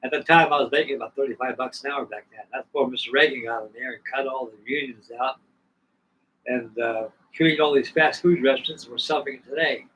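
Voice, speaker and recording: A man in his sixties hosts a live stream, spinning a long, rambling story full of restarts and asides. His voice is mid-pitched, sharp and fairly quick. A distant mic picks him up along with faint background noise.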